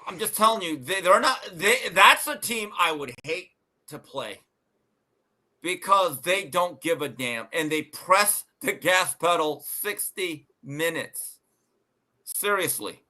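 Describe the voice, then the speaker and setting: A man hosting a sports talk show, telling stories in an animated, emphatic way and swearing freely. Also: sits high, slow.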